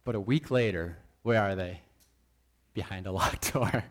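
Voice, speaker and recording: A man preaching a sermon in an animated, joking, conversational way. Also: on the low side, a little slow.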